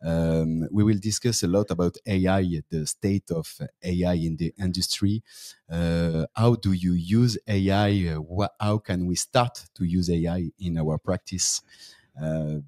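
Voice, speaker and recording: A man from France hosting an interview over a video call, speaking eager, halting English with a French accent. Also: low-pitched, steady tone, dark tone. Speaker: podcast host. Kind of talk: interview host.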